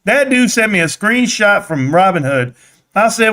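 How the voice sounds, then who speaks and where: Hyped high-voiced man live-streaming. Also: very animated, moderate pace. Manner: hyped, yelling at times, reading chat aloud. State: sweating in a helmet. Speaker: livestream host. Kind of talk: excited live stock-market stream.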